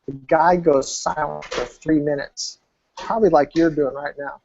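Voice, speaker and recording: A man giving an emphatic sales pitch, telling a customer story and speaking straight to the viewer. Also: fairly even intonation, a little slow, vocal fry, darkish tone, muffled recording, a little hiss or hum. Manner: emphatic, acts out quoted dialogue. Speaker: health program salesman.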